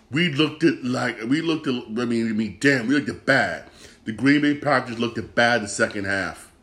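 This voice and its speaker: A man's voice: mid-range voice, a bit bright. A man hosting a sports podcast, ranting about a football loss, upset and swearing, repeating himself often. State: upset and disgusted. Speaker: podcast host. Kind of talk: casual sports rant.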